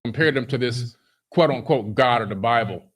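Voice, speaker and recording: A man's voice: medium pitch, moderate pace, a bit bright. A man on a casual livestream, answering his chat in a defensive, lecturing way.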